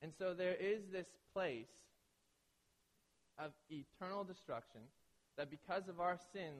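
A pastor with a slightly high voice preaches a sermon, and the recording has a big-room sound. His style is loose and conversational: he keeps checking in with "right?" and acts out the voices of the people in his stories.

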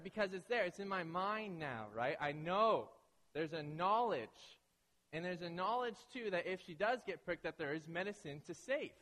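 Here a pastor preaches in a slightly high, somewhat bright voice, with a big-room sound around him. He keeps it conversational, repeatedly asking "right?", and imitates the voices of the people he describes.

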